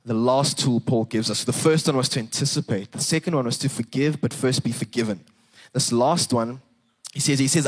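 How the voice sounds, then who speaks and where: A young man preaching a sermon, earnest and animated, repeating words and rising for emphasis. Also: medium pitch, brisk, slightly rough. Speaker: pastor.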